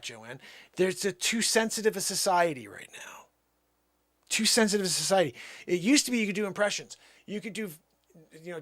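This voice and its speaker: A man's voice: sits high, fairly bright tone, no room sound. A man hosting a livestream, chatting casually and rambling defensively to his viewers. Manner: defensive, rambling, talks to chat. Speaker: livestream host.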